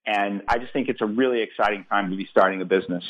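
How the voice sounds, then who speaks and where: A man's voice: fairly low pitch, fast talker, highs cut off. A man, a startup founder, answering interview questions earnestly and enthusiastically, often repeating words as he starts a thought.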